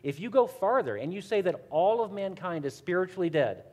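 A man's voice: high-pitched, animated, a little fast, a little mellow. A man giving a conversational, emphatic church talk who speeds up when telling stories. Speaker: church speaker. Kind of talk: sermon-style talk.

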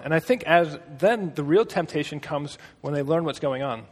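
A man's voice: on the high side, lively intonation, fairly quick, few pauses, big-room sound. A man preaching a casual, storytelling sermon with a conversational manner and joking asides.

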